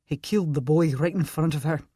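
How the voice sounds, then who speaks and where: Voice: medium pitch, a little fast, warm tone, husky, dry recording, studio quality, lightly acted. An audiobook narrator voicing a grim, regretful Scottish male immortal.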